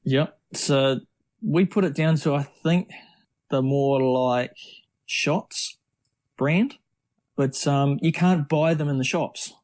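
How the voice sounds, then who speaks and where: A middle-aged man, a guest on an interview podcast, telling lively, rambling stories with many restarts. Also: a little high, slow pace, pauses often. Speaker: triathlete guest. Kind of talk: casual storytelling interview.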